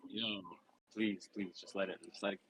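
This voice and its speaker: A man's voice: fairly low pitch, little pitch movement, moderate pace, a bit bright, husky, dry recording, rough recording. A young man co-hosting a podcast, brash and boastful in joking banter. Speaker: co-host. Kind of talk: casual banter.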